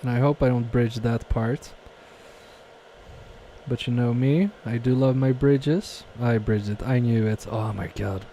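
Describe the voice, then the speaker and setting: A man's voice: mid-range voice, steady tone, a little slow, dark tone, slight background noise. A man casually live-streaming a repair from his home workbench, reading viewer chat aloud and muttering to himself with self-mocking humor.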